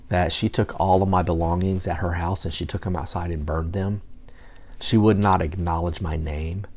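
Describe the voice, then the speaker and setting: Low-pitched male preacher, earnest personal testimony, emotional and at times hushed. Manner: earnest, emotional storytelling with soft hushed passages. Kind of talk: testimony sermon.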